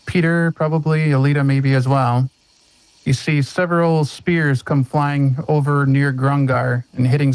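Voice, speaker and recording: A man narrates a tabletop role-playing session as game master, describing the action and handing out rulings. His voice is plain and mid-pitched, with an easygoing manner, and it is recorded close and dry with no room around it. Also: no echo, low-quality recording.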